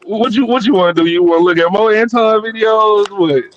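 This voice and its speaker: A man's voice: high voice, a little fast, no room sound. A man hosting a podcast, chatting casually with lots of profanity, rambling and repeating his words. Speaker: podcast host. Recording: dull lo-fi sound.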